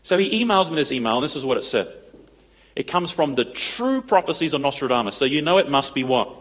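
A man telling a story to an audience, acting out the dialogue in an animated way. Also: a little high, a little fast. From Australia. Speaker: speaker addressing an audience. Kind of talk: storytelling talk.

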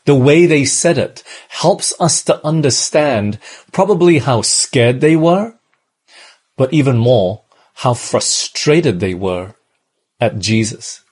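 Husky-voiced male preacher. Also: medium pitch, expressive, takes it slowly, a little mellow. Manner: earnest, repeats phrases, asks the congregation rhetorical questions. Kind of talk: sermon.

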